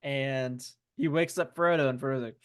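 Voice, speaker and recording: A man's voice: medium pitch, fairly even intonation, normal speed, clear, resonant tone, no echo, clean studio sound. A man co-hosting a podcast, in casual, swearing chat. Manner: laughing, swearing, retells scenes. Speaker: podcast co-host.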